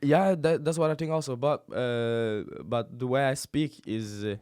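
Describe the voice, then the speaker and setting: Young Turkish-born comedian, laughing often. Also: male voice, mid-range voice, darkish tone, smooth, no echo, studio quality. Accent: Norwegian-tinged English. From Turkey. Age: young adult. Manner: laughs often, halting restarts. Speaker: guest comedian. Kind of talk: casual podcast chat. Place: podcast studio.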